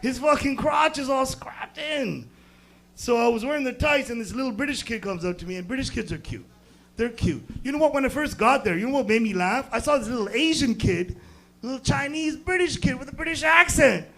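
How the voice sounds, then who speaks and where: Crude high gravelly comic, American accent. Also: male voice, animated, a little fast. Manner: crude, rambling, swings between loud bursts and muttered asides. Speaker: stand-up comedian. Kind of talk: stand-up set at an open mic.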